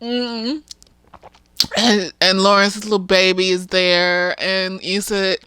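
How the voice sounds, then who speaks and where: A woman's voice: medium pitch, completely flat delivery, a little slow, bright, forceful tone, clean tone. A woman with a middle-range voice talks through a TV episode the way a friend would, loose, slangy and unafraid to swear. She is a therapist who is slightly tipsy. The sound is dry, with no room echo around her voice. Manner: chatty, frank and profane, with slangy asides. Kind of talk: casual TV recap vlog.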